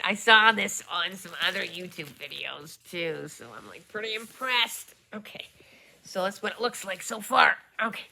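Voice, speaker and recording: A woman vlogger unboxing and showing a book in a casual chat, gushing with excitement and dropping into whispered asides. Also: mid-range voice, normal speed, gravelly.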